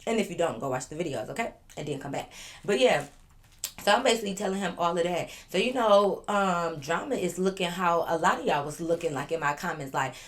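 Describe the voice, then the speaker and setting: Chatty woman with a lowish voice. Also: fairly quick. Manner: chatty, addresses viewers directly, lively asides. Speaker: vlogger. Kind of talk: casual storytime to viewers. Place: living room at home.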